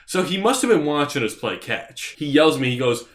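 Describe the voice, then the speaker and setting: Young guy telling a dumb kid story, lots of likes and you knows, rambly and animated. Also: on the high side, brisk. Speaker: vlogger. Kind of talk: casual storytelling.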